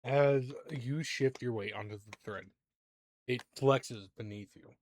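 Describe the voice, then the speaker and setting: Slow, halting game master man. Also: medium pitch, a little mellow, a little hiss or hum. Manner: halting narration with many fillers, laughs easily. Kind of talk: narrating a tabletop game.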